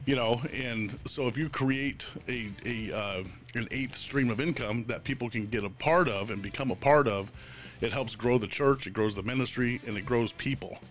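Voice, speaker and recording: A man's voice: medium pitch, moderate pace. Thoughtful man hosting a casual chat. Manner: thoughtful, repeats words as he works out a point.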